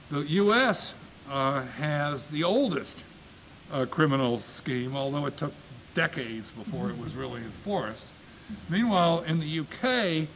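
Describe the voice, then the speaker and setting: A man from the United States moderating a panel, introducing the topic with frequent restarts and a wry story. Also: on the high side. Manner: halting, self-correcting, wry storyteller. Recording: tinny phone-like recording with faint noise.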